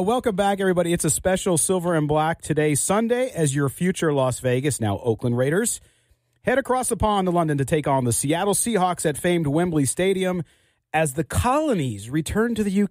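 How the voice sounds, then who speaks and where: A man's voice: a little high, a little mellow, no room sound. A man hosting a sports radio talk show in a studio, upbeat and joking with his co-hosts. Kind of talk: casual sports radio chat. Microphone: studio microphone.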